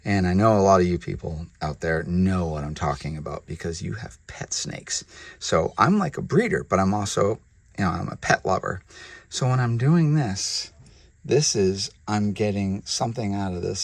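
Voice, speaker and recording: A man who breeds reptiles, hosting a casual vlog while handling snakes, chatty and sometimes dropping to soft murmurs toward the animals, recorded on a handheld camera mic indoors. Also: low-pitched, very animated, moderate pace, gravelly, slightly rough, no room sound. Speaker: reptile breeder and channel host.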